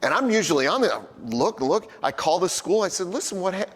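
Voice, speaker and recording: A man's voice: a little high, very animated, brisk, a bit bright, long reverb tail. A middle-aged man preaching a sermon as a pastor, telling everyday stories in a conversational, humorous way. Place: church sanctuary.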